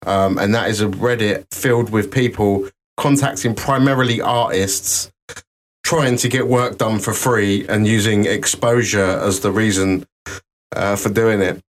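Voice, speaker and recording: Brit male co-host, low-pitched, dry humour, steady argumentative chat. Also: measured pace. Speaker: podcast co-host, works in IT. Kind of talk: casual podcast debate.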